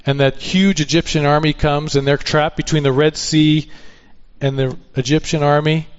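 A man's voice: fairly high pitch, fairly even intonation, normal speed, clean tone, lo-fi sound. A man preaching a sermon in an earnest tone, often asking rhetorical questions. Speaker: pastor.

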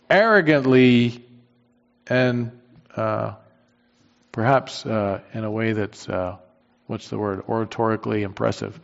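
A man's voice: medium pitch, gravelly. A man teaching a Bible study class in a conversational way, thinking aloud with frequent restarts and putting questions to the class. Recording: dull lo-fi recording in a reverberant hall.

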